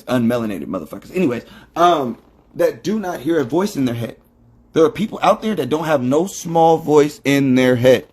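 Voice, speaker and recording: A man's voice: on the high side, darkish tone, slightly rough. A man hosting a livestream, talking in a profane, emphatic, preachy monologue into his phone. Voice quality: heavy swearing, emphatic and preachy. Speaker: livestream host.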